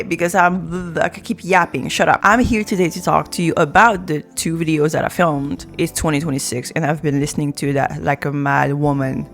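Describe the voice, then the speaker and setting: Low-voiced hoarse sick young woman vlogging. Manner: rambling, playful, self-mocking. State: sick with a sore throat, hoarse. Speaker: YouTuber. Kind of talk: casual vlog chat.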